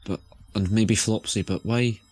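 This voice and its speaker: A man's voice: on the low side, steady tone, unhurried, a little mellow, dry recording, soft background music. Wry, joking man at the game table. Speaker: player. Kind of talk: casual chat.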